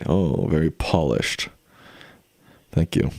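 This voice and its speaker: This young livestreamer has a deep, dark voice that is animated and moves at a normal speed. He chats casually and rambles with viewers, relaxed and full of fillers and restarts, and the recording has no echo.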